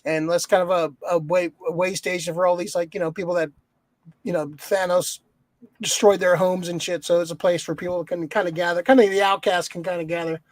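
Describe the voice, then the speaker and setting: Reviewing a movie on a podcast he co-hosts, a man swears a lot and rambles through casual talk thick with fillers. His voice sits high with little pitch movement, his pace is brisk, and there's no echo.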